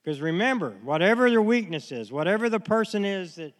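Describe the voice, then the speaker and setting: Male pastor, sermon delivery, earnest, somewhat high voice, long church-hall reverb. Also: animated. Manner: earnest, repetitive, slows to stress key words. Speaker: preacher.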